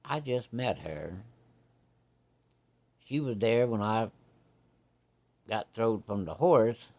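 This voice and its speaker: A man's voice: fairly low pitch, lively intonation, slow pace, darkish tone, full character voice. A man doing a lovestruck young cowboy.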